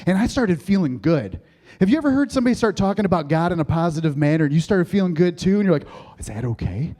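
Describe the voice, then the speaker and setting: A male pastor preaching a sermon, telling stories with jokes and laughter and getting animated with excitement. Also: sits high, quick pace. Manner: joking, storytelling, laughs often.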